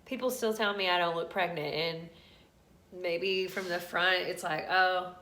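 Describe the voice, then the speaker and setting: A woman's voice: lowish voice, measured pace, bright, forceful tone, a little hiss or hum. A woman vlogger casually telling a candid, emotional personal story to camera. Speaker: vlogger sharing a pregnancy update. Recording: roomy echo.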